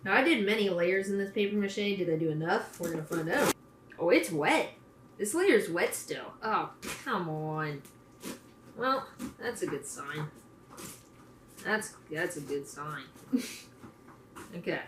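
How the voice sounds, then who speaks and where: A woman's voice: lowish voice, expressive, measured pace, long pauses, background noise. Chatty self-mocking woman, roomy sound. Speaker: craft vlogger. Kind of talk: casual chat while crafting. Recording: roomy, from a distance.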